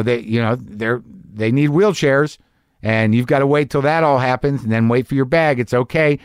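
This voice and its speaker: A middle-aged man delivers a long, rambling monologue story full of swearing and rants, making fun of himself and acting out quotes from others. His voice is medium-pitched, captured in a dry, studio-quality recording.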